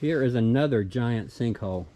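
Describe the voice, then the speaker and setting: Speaking with lively intonation at a moderate pace, a middle-aged Southern hiking vlogger gives a casual tour of a forest trail, pointing out what he comes across. His medium-pitched voice is warm, and he sounds relaxed and delighted by small finds, though the audio is poor.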